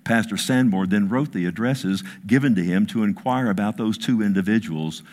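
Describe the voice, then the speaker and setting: A man preaching a sermon, telling stories with emphasis, his voice dropping hushed and then rising, with frequent asides like "listen" and "I mean.". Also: on the low side, normal speed. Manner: storytelling, emphatic, swings between hushed and raised; repeats "listen" and "I mean" as fillers. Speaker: pastor.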